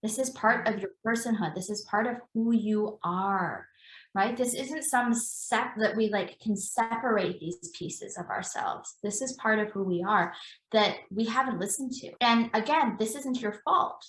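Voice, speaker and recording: A woman's voice: a little high, a little slow, fairly bright tone, roomy sound, poor audio. A woman, an embodiment practitioner, explaining in an earnest, conversational interview, repeating phrases for emphasis.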